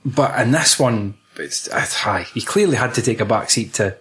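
A young Scottish man talking casually about a film, his voice sitting at an ordinary middle pitch. He laughs often and acts out bits of dialogue from scenes as he goes. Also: animated, normal speed, a bit bright.

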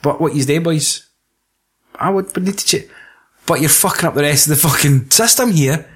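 A man's voice: fairly high pitch, moderate pace, slightly rough. A young Scottish man co-hosting a casual film chat, swearing and joking. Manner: sweary, jokey, mock-quotes lines. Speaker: podcast co-host.

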